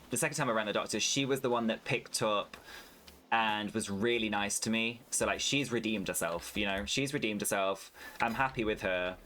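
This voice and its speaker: A man's voice: fairly low pitch, a bit bright. A British man streaming a farming game, chatting candidly and swearing freely with his viewers while he plays. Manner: candid, sweary, talks to chat while playing. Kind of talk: casual gaming stream chat.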